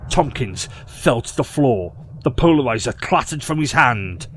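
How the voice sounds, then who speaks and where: Guy narrating a story, mid voice, calm and expressive, light music behind. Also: mid-range voice, a little slow.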